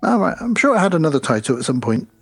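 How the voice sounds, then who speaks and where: A man's voice: fairly high pitch, big pitch swings, racing, creaky, breathy edge. A man co-hosting a horror film podcast, recapping the plot step by step and quoting the characters. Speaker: podcast co-host. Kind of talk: casual film review chat.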